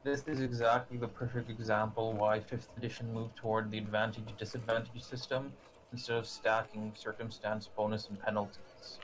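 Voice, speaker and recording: A man's voice: on the low side, little pitch movement, fairly quick, a little hiss or hum, low-quality recording. A man joining a casual discussion, making dry, matter-of-fact comments. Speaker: co-host in the discussion. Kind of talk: casual chat.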